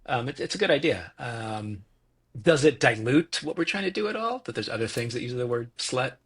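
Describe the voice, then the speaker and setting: Guy cohost, husky voice, lots of ums, just thinking out loud. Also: medium pitch, expressive, fairly quick. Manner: thinks aloud, hesitant with many ums. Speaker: podcast co-host and business partner. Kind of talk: casual business chat.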